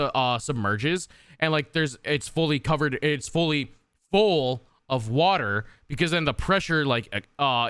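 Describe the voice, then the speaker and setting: A man's voice: fairly high pitch, fairly bright tone, smooth, dry recording, clean studio sound. A man streaming a game, rambling and swearing casually with many fillers.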